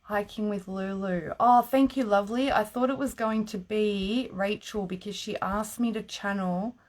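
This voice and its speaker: A woman's voice: mid-range voice, fairly even intonation, normal speed. A woman giving live-streamed psychic readings in a chatty way, laughing often and filling her talk with "like". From Australia. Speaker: psychic reader.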